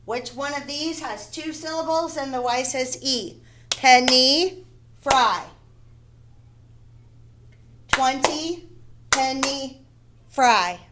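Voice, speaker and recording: A woman's voice: high-pitched, extremely slow, pauses often, noisy background. A woman teaching a recorded phonics lesson to first graders, spelling words out letter by letter and checking in with "okay?" and "right?".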